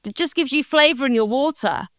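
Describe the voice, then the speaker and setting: A woman's voice: sits high, a little fast, no echo, clean studio sound. A woman in casual conversation, easygoing, giving short replies and laughing readily. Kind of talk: casual chat.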